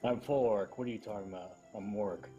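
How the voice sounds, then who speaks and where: A man playing a tabletop game, talking in a slow, laid-back way. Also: fairly low pitch, dark tone, dull audio, faint music behind. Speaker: player. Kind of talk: casual talk at a tabletop game.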